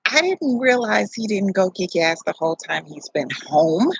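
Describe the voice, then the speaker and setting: Gravelly, husky woman telling a story. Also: medium pitch, moderate pace, no echo, poor audio. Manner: animated, profane, rambling with self-corrections. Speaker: vlogger telling her birth story. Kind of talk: casual storytelling.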